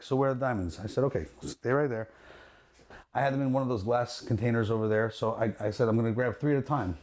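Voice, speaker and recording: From inside his jewelry store, a man who deals in luxury jewelry recounts a story for a laid-back podcast in a mid-range voice. The telling is lively and profane, with acted-out quotes and laughter throughout.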